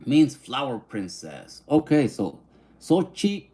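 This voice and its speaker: A man's voice: medium pitch, huge pitch swings, mellow. A man chatting casually on a livestream, reading viewer comments and mixing English and Spanish slang. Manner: easygoing, mixes English and Spanish slang, sounds out names slowly.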